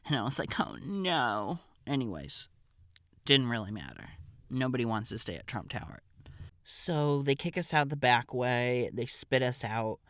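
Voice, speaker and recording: A man's voice: mid-range voice, lively intonation, moderate pace, a bit bright, dry recording, studio quality. A man hosting a podcast, telling a comedic personal story in a wry, digressive, offhand way.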